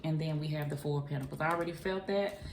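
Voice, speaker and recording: A woman's voice: deep voice, fairly even intonation, quick pace, gravelly. Chatty tarot reader woman, echoey room. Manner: chatty, calls listener boo and honey. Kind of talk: casual tarot reading. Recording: echoey room, faint hiss.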